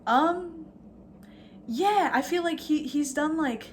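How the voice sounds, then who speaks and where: A woman's voice: high-pitched, takes it slowly, slight background noise. A woman vlogging a casual, rambling rant, sarcastic and full of fillers, swearing now and then.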